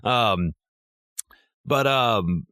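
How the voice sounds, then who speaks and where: A man with a low but bright, forceful voice riffs through a movie breakdown, profane and animated, jumping into quoted voices. His recording is dry and close, with no room sound around it. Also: drawn-out words, no room sound. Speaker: podcast co-host. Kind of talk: casual movie discussion.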